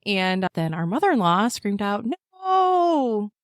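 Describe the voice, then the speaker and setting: A woman in her thirties, a podcast guest, chatting casually and telling her story with lots of fillers and animated asides. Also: moderate pace, dry recording, studio quality. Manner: animated storyteller, acts out quotes in a high voice, many fillers. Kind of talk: casual chat.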